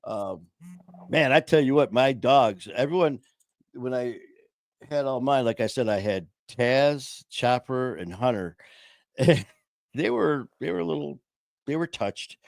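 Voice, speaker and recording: A man's voice: mid-range voice, expressive, unhurried, creaky, dry recording. Rambling male livestream host, dry sound. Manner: rambling storyteller, laughing, many fillers. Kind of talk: casual livestream chat.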